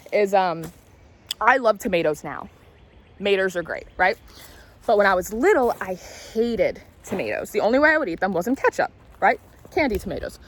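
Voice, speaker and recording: A woman in her late twenties telling candid, rambling stories in a casual vlog, confiding and swearing now and then as she walks. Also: mid-range voice. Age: late 20s. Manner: talks while walking. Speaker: tarot reader and spiritual vlogger.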